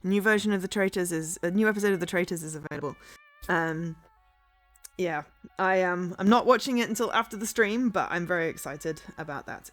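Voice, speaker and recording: A woman's voice: on the low side, a little fast, soft background music. A woman streaming a game, chatting casually in a rambling, easily sidetracked way.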